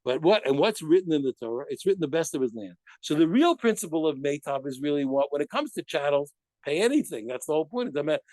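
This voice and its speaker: A man teaching a daily Talmud study lesson in an animated way, asking himself rhetorical questions and answering them, and often stopping to correct himself. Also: a little high, quick pace, no echo. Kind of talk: daf yomi study lesson.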